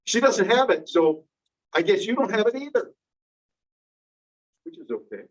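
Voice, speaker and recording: Male teacher, slightly high voice, patient classroom explainer, dull lo-fi recording. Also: lively intonation, moderate pace. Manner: patient, calls on students by name. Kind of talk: classroom grammar lesson.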